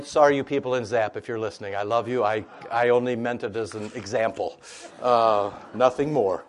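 Joking man preaching a low-voiced sermon. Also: brisk. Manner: joking asides to the congregation; conversational, frequent "right?" tags. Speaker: pastor.

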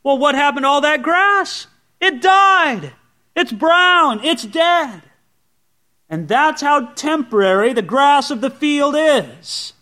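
High bright-voiced male preacher. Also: lively intonation, slow pace. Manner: expository Bible teaching, conversational asides. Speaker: pastor. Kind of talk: sermon.

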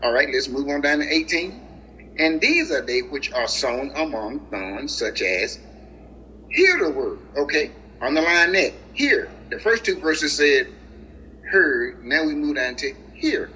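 A preacher delivering a sermon, drawing out scripture verses slowly and calling his listeners family and guys. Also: dull audio, slight background noise. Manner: animated, with swings of pitch and slow drawn-out scripture reading. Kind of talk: sermon, reading and explaining scripture.

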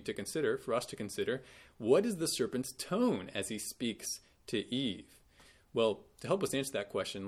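A man with a medium-pitched voice gives a careful, explanatory Bible lesson. He often corrects himself mid-sentence and puts extra emphasis on quoted lines.

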